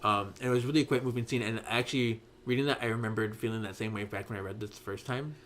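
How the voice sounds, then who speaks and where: Animated man recapping a story. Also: mid-range voice, fast talker, slight background noise. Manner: animated, acts out characters' lines in raised voices. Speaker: podcast host. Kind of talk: casual chat, recapping a story.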